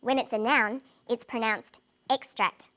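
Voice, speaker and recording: A woman presenting an English lesson in clear, deliberate scripted narration, slowing down on example words. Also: fairly high pitch, expressive, a bit bright.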